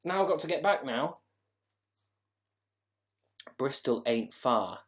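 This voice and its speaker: A man's voice: medium pitch, expressive, takes it slowly, long pauses, fairly bright tone. A man hosting a casual livestream, chatting to viewers in a rambling, sarcastic, sweary way. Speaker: livestream host.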